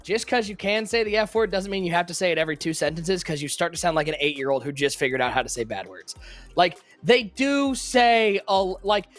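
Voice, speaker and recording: Lively rambling stream co-host. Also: medium pitch, faint music behind. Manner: rambling, animated, quick swings between excitement and quiet asides. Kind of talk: casual live-stream chat.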